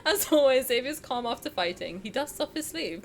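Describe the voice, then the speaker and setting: High, lively-voiced woman streamer. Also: normal speed, few pauses. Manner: giggly, crude joking, reads story text aloud. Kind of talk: casual reaction stream chat.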